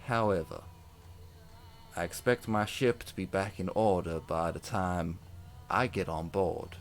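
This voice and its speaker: A commanding male ship captain with a British accent, put on by a player gives clipped, formal orders. His voice sits low, and faint music plays behind him. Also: fairly even intonation, unhurried.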